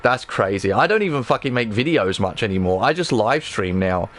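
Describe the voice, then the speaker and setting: A man streaming himself playing a game, chatting casually to viewers with rambling, excitable talk and frequent swearing. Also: on the low side, fairly quick. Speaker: livestreamer. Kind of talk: casual gameplay livestream chat.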